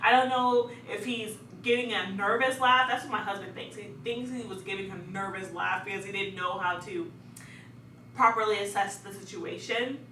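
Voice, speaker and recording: A young woman telling a story in a casual, animated way, laughing often and dramatizing events. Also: mid-range voice, moderate pace. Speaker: vlogger. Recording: echoey room, distant mic, faint hum.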